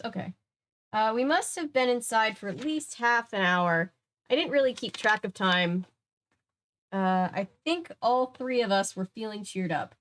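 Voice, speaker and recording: A woman reading a children's horror book aloud, adding casual chatty asides. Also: mid-range voice. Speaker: book reader.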